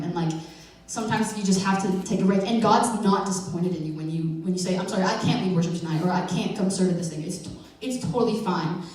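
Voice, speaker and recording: A woman's voice: mid-range voice, dark tone, distant mic. Chatty young woman preaching in a big echoey hall. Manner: chatty and playful, many fillers and self-corrections. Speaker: youth speaker giving a church message. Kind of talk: informal sermon.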